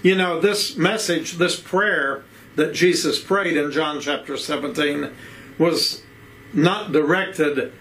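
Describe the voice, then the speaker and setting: A man with an Appalachian accent preaching a sermon, with rhythmic repeated phrases and rhetorical questions, slowing down to stress key words. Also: a little high, fairly bright tone, a little hiss or hum, poor audio.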